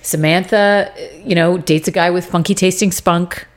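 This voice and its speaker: A woman's voice: on the low side, normal speed. A young adult woman co-hosting a podcast, recapping a TV series in casual chat and acting out scenes with swearing. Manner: animated retelling, acting out scenes with profanity. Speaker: podcast co-host.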